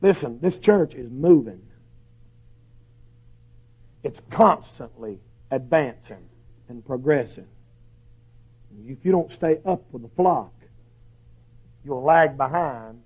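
A hoarse male preacher, shouting through a fiery sermon. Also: mid-range voice, animated, takes it slowly, pauses often. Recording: dull lo-fi recording.

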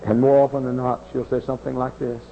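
A man in his forties, a pastor, preaching a sermon that moves from folksy storytelling to loud impassioned outbursts. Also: medium pitch, level tone, quick pace, vocal fry, slight background noise. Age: 40s. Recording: dull old recording in a large reverberant hall.

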